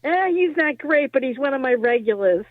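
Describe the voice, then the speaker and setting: A podcast co-host chatting casually, with giggly reactions and thoughtful remarks over a tinny, phone-like line. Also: male voice, very high voice, expressive, normal speed, no echo. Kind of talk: casual chat.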